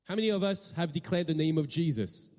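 A man's voice: a little high, fast talker, a little mellow, big-room sound. A man preaching a sermon to a congregation, often asking them questions and repeating words as he goes. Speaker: pastor.

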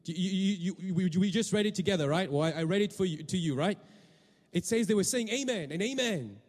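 Delivering his sermon fairly quickly, a pastor with a fairly high, slightly mellow voice keeps asking the congregation questions. He repeats himself and restarts phrases, and the hall gives his words a long, ringing reverb.

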